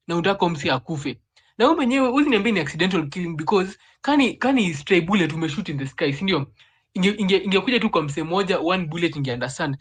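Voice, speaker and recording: A Kenyan man speaking in an online audio room, furious and swearing, switching between Swahili and English. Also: sits high. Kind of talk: impassioned casual talk.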